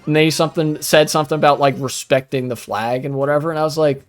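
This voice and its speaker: A man's voice: a little high, fairly even intonation, quick pace, faint music behind. A young man streaming live, telling a rambling, profane story with many fillers while he plays. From United States.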